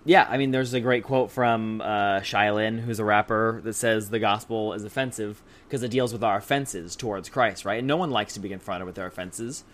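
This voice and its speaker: A man's voice: fairly low pitch, steady tone, normal speed, hardly any pauses. A man in casual Christian podcast talk, explaining points and checking in with his listener. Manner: explanatory, frequent "right?" check-ins.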